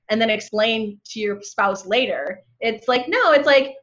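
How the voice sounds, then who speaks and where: A woman appearing as a podcast guest, giving relationship advice in a brisk, advising manner and acting out example dialogue. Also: high voice, fairly bright tone, dull audio. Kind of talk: advice in casual chat.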